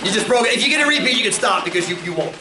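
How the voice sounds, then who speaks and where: A man teaching a lively classroom lesson, breaking into loud bursts of excitement. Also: sits high, very fast, noisy background. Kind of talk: classroom lecture. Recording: echoey classroom from far off.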